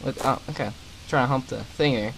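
A man's voice: medium pitch, brisk, creaky, a bit bright, slight background noise, poor audio. A young man commentating a horror game as he plays, swearing often and tossing out sarcastic, irritated asides. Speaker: gaming commentator. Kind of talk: let's play commentary.

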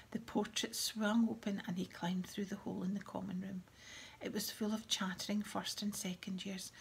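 A woman reads a novel aloud in a soft, breathy voice with a gravelly texture. Her pitch sits in the middle range, and a faint hum of background noise runs beneath her. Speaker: audiobook narrator. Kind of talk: audiobook reading.

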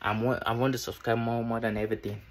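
Tired young man talking quietly. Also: mid-range voice, little pitch movement, fast talker. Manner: tired, quiet near-whisper, repetitive. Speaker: vlogger. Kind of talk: casual vlog talk to camera. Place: his bedroom at home at night.

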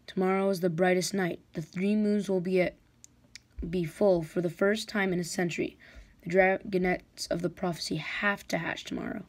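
Woman voicing a hopeful male sea dragon, insistent, low gravelly tone, storybook figure. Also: fairly even intonation, moderate pace.

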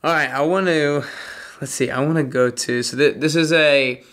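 A man's voice: fairly high pitch, steady tone, moderate pace, a bit bright. Casual podcast host, man. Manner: loose, hesitant questions with restarts. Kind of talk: podcast interview.

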